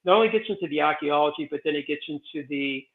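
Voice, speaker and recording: A man in his sixties with a slightly higher voice, wandering through his stories with plenty of fillers and restarts. His voice comes through a thin, tinny, phone-like line, as if he is calling in from somewhere else. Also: fast. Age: 60s. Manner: rambling, digressive, frequent fillers and restarts. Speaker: guest, president of a historic stone site. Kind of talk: casual interview storytelling.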